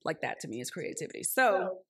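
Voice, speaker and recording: A woman's voice: lowish voice, sing-song, fairly quick. A young woman hosting a podcast, talking casually and candidly with lots of "like" and "literally," and laughing often. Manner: chatty, frequent "like" and "literally"; candid, laughs often, drops to a softer voice when emotional. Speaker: podcast host. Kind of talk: casual chat.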